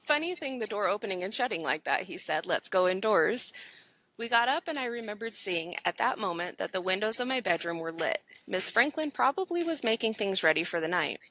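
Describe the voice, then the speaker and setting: A woman's voice: medium pitch, animated, a little fast, a bit bright, dry recording, low-quality recording. A woman podcast co-host reading a ghost story aloud to her friends, with laughs in between. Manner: reads expressively, laughs easily.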